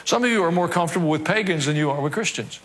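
A man, a pastor, preaching a sermon in a conversational way with wry asides, reading scripture aloud in slower, measured tones. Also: fairly high pitch, lively intonation, a bit bright, in a large hall.

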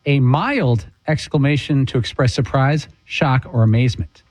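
A man's voice: medium pitch, normal speed, darkish tone. A man co-hosting a sports radio show, cracking dry jokes in casual banter. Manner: dry, joking. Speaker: co-host.

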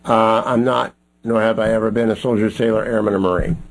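A man hosting a radio talk show, speaking in a measured, emphatic way with occasional fillers. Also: on the low side, fairly even intonation.

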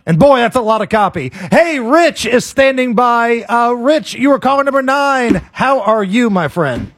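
A man's voice: very high-pitched, lively intonation, fairly bright tone. A man hosting a radio show, joking with his co-host and running a call-in contest in an upbeat, chatty way. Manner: upbeat, joking, quick asides. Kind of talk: lively morning radio banter.

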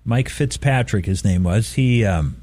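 A man's voice: lowish voice, animated, a little slow, darkish tone, no room sound. A middle-aged man hosting a radio show, telling an easygoing story in casual chat and chuckling often.

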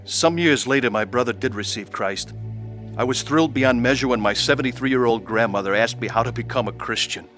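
A man's voice: medium pitch, fairly quick, fairly bright tone, soft background music. A man giving an earnest, scripted testimony about his faith, with acted scenes. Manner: earnest, pleading. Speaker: testimony narrator.

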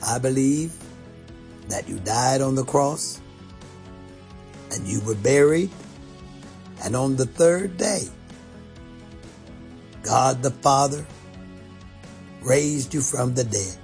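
A bishop, a man, slowly leading listeners in a prayer to repeat, in a deliberate manner. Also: medium pitch, lively intonation, creaky, darkish tone, faint music behind.

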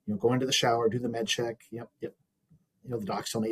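A man with a very husky, medium-pitched voice tells a personal story as an interview guest, earnest and reflective, often restarting briefly. He speaks quickly with little pitch movement, and the recording quality is low.

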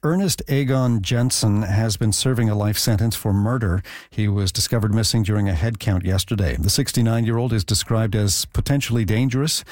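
A man reads the radio news in a steady, measured style. His mid-range voice is recorded close and dry. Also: on the low side, no room sound. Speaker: newsreader.

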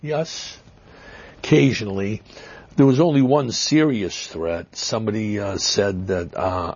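A man with a Boston accent answering interview questions, halting with fillers and restarts, stressing words with emphasis, heard on dull lo-fi audio. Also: on the low side, a little mellow, husky. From Massachusetts. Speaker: interview guest.

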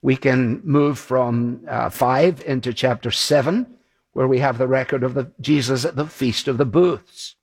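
A man's voice: mid-range voice, measured pace, husky. A man preaching a sermon, walking through a Bible passage in a conversational way and acting out the quoted voices.

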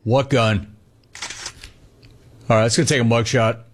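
A man's voice: medium pitch, fairly even intonation, unhurried. A man hosting a sports talk radio show, giving a sarcastic and emphatic monologue.

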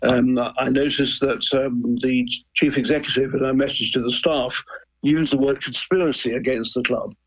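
Older man, husky and hesitant. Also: mid-range voice, steady tone, moderate pace, muffled recording. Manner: hesitant, repeats words, earnest. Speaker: guest, former football club chairman. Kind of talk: radio discussion.

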